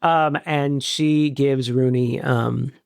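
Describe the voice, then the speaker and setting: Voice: medium pitch, steady tone, slow, gravelly, no room sound. A podcast co-host in casual movie-review chat, wry and self-mocking, rambling with fillers on a close mic.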